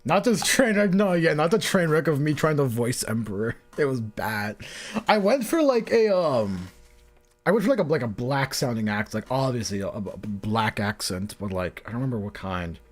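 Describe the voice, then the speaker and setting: A man's voice: medium pitch, expressive, moderate pace, soft background music. A man streaming a game story, chatting casually, rambling and breaking off mid-sentence. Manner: rambling, self-interrupting and laughing. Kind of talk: casual live-stream chat.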